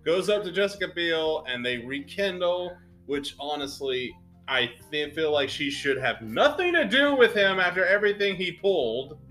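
A man's voice: fairly high pitch, animated, moderate pace, sharp tone, soft background music. A man in his thirties co-hosting a casual movie review, retelling the plot with sarcasm and exasperation. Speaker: podcast co-host.

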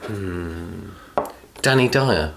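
A man's voice: deep voice, expressive, very slow, gravelly. Wry, teasing man over background noise. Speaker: podcast host. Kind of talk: casual chat. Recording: noisy recording.

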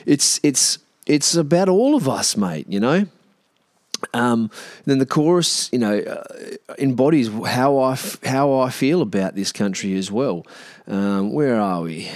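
A man's voice: mid-range voice, expressive, unhurried, a little mellow, no echo. An Australian man hosting a solo podcast rant from inside a caravan, blunt and swearing freely, with lots of "mate" and restarts as he thinks aloud. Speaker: podcast host. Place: in a caravan with the doors open.

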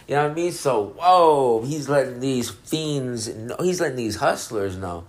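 A man's voice: mid-range voice, expressive, measured pace, hardly any pauses. A man hosting a casual podcast, stoned and laid-back, rambling and laughing often as he talks about music. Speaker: podcast host reviewing music. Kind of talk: casual chat.

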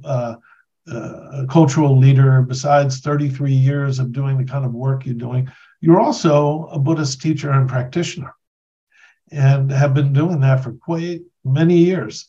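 A man's voice: mid-range voice, a little mellow, lo-fi sound. A man hosting a podcast interview, speaking in a thoughtful, meandering way with self-deprecating laughs. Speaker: podcast host. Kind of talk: casual conversational interview.

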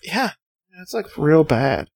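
A man's voice: a little high, very animated, takes it slowly, gravelly, a little mellow, no echo. A man co-hosting a casual comics podcast. He reads passages aloud, laughs a lot and often restarts his sentences. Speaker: podcast co-host.

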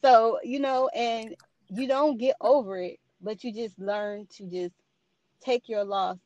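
A woman speaking in a reassuring, gently encouraging way in a casual conversation. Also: a little high, fairly even intonation, unhurried, no echo, muffled recording. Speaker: co-host offering support.

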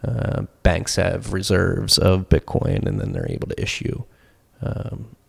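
Man, podcast co-host, casual debate, rambling, fillers, very low voice, vocal fry. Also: fairly even intonation, a little slow. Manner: rambling, full of fillers and self-corrections.

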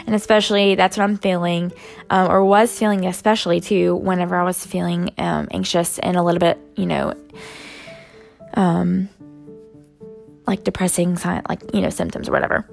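A young woman talks through a devotional in a relaxed, rambling way, full of "um"s and friendly asides to her viewers. Her voice has a gravelly, fry-tinged edge, and soft music plays faintly behind her. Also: on the low side, normal speed. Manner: rambling, many "um"s and "you guys". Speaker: Christian vlogger sharing a devotional. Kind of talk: casual devotional talk.

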